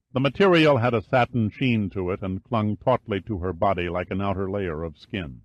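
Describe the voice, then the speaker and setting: A man narrating an audiobook in a measured, steady reading style. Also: fairly low pitch, no echo, dull audio. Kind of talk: scripted narration.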